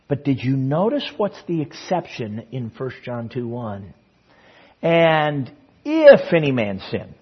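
A husky-voiced man preaching an emphatic sermon, dropping to hushed asides and then rising into loud proclamation. His voice has a mid-range pitch. The recording sounds dull and lo-fi.

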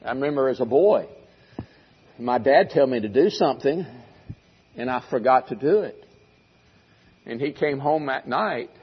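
A man's voice: mid-range voice, expressive, normal speed, long pauses, husky, highs cut off. An older man preaching a sermon to a congregation, emphatic and given to repeating key phrases. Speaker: pastor. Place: church congregation room.

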